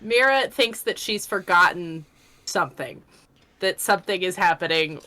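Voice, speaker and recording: A woman player in a tabletop game, talking in a relaxed, soft-spoken way. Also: fairly low pitch, normal speed. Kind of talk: casual tabletop play.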